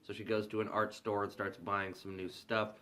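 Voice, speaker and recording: A man's voice: fairly low pitch, level tone, moderate pace, pushed and bright. Casual, profane man recapping a film. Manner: loose and profane, acts out characters' lines. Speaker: movie reviewer.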